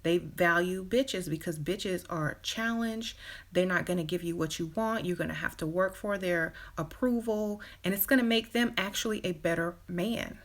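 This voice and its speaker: A woman's voice: on the low side, normal speed. A woman hosting a relationship advice live stream, chatting casually with many fillers and acting out quoted lines. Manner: chatty, acts out quoted dialogue in other voices; frequent "you know" fillers and brief laughs. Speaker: relationship advice channel host.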